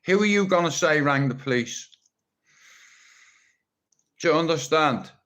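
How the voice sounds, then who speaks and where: On a live stream, a man from Ireland chats in a fairly high, slightly bright voice that is animated yet unhurried. His talk is rambling, blunt and full of teasing, with plenty of swearing thrown in.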